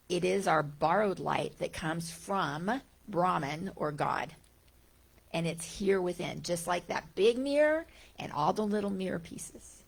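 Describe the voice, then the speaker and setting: A woman's voice: fairly low pitch, creaky, slightly rough. A woman giving a reflective spiritual talk as a teacher, speaking conversationally and asking her listeners rhetorical questions.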